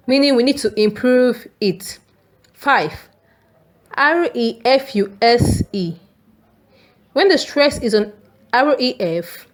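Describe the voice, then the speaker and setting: A woman teacher reads a scripted lesson in a somewhat high voice. She moves at an unhurried, measured pace. Each word is enunciated carefully and deliberately. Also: expressive.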